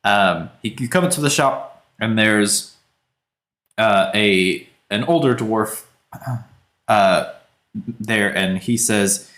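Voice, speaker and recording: A man runs a tabletop game as its narrator, speaking in a fairly low voice. He talks in a relaxed, joking way full of fillers, and the room adds a noticeable echo. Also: slow pace, pauses often. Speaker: game master.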